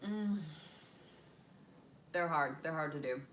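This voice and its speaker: A young American woman chats casually with her live viewers in a low-pitched, fairly bright voice at a slow pace. She rambles, uses many fillers, and drifts between topics and languages. There is slight background noise.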